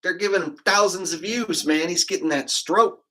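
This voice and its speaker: A man's voice: high-pitched, normal speed, sharp tone. A man hosting a casual livestream, rambling loosely and dropping "man" and "like" as he talks. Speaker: livestream host.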